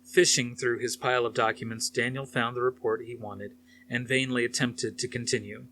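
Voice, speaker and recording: A man narrating a novel aloud in a steady, plain storytelling manner. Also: medium pitch, moderate pace, slight background noise.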